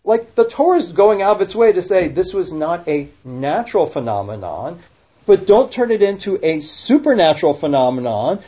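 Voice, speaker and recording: This rabbi's high, warm voice swings widely in pitch at a moderate pace. Talking animatedly on a casual podcast, he throws out rhetorical questions and fixes his wording mid-sentence, heard through a dull, lo-fi recording.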